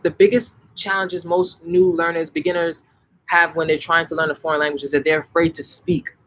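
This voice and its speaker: An animated man, noted as New, hosts a casual live Q&A for a language-learning channel, answering viewer questions. His voice leans high, he's emphatic, and he corrects himself often and says "like" a lot. The audio quality is poor.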